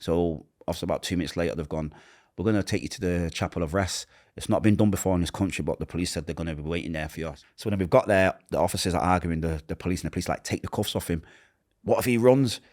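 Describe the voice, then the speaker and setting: A deep-voiced man with a Manchester accent, telling his own story at a quick, pressing pace. He slips into the voices of the people he quotes and goes quiet and low when the memories hurt most. The delivery is raw and unscripted, an interviewee speaking from lived experience. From Manchester, England. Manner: acts out quoted voices, drops to a hush at painful moments. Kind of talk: emotional personal storytelling.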